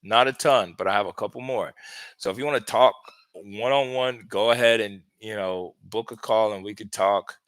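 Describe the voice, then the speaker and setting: A relationship coach answering viewer questions on a live stream, giving direct, conversational advice with lots of fillers, a little out of breath. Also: male voice, fairly low pitch, moderate pace, no echo. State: slightly out of breath.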